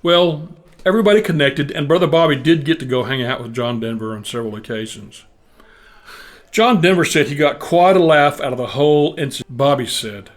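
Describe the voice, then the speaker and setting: A man's voice: a little high, lively intonation, a little fast. Older Texan man telling a story. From Texas. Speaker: musician and storyteller. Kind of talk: stage storytelling to a live audience.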